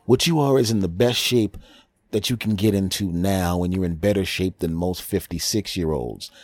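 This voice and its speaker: A middle-aged male podcast host with a low voice rants in a brash, mocking comedic style. He jabs at his listeners bluntly. The recording is dry and close to the mic. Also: normal speed, darkish tone, no echo. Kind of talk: comedic rant.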